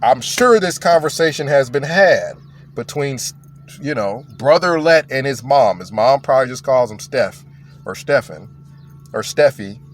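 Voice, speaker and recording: Blunt, mocking man in a slow rant. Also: mid-range voice, expressive, a little hiss or hum. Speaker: commentator. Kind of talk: casual rant.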